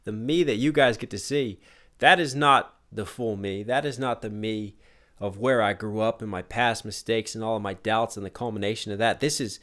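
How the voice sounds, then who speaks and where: A man's voice: lowish voice, moderate pace, a bit bright. Thoughtful man breaking down lyrics. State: tired. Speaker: rapper reacting to a music video. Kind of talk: casual reaction commentary.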